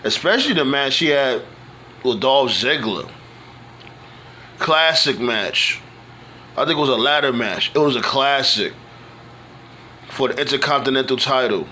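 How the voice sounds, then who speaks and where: A man's voice: medium pitch, unhurried, pauses often, bright, forceful tone, a little hiss or hum. A man talking casually in a loose, rambling monologue, full of fillers and restarts. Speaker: wrestling fan vlogger.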